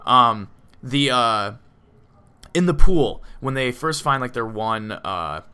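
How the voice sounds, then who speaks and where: A man in casual conversation about a film, talking in a rambling way with constant "like" and "um" fillers. His voice is bright and forceful, at an ordinary pitch for a man. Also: expressive, takes it slowly, smooth. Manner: rambling, filler-heavy, lots of "like" and "um". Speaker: podcast co-host. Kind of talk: casual movie discussion.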